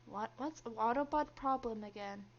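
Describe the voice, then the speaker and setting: A woman's voice: on the high side, measured pace, muffled recording. A young woman streaming a game, reading its story lines aloud and chatting with viewers between them, laughing often.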